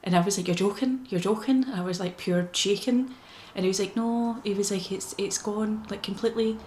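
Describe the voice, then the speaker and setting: A woman's voice: on the low side, darkish tone, echoey room, slight background noise. A woman with a Scottish accent giving a casual personal update to her vlog, telling her story in an earnest, emotional way. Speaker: vlogger.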